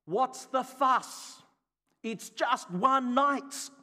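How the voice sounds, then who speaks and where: A man acting out a rude, indignant male parking attendant who shouts back at him, in an echoey hall. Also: very high voice, very slow, pitched above the performer's own voice, exaggerated voice.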